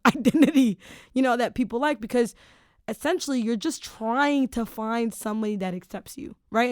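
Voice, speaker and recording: A woman's voice: on the high side, a little mellow, dry recording, studio quality. Chatty woman podcast host. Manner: relatable, chatty, with fillers. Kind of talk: casual podcast chat.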